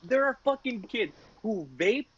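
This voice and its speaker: A man's voice: very high voice, lively intonation, unhurried, fairly bright tone, husky. A teenage boy telling a story in casual podcast chat, swearing often and ranting heatedly. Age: teens. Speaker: podcast co-host. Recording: dull lo-fi sound.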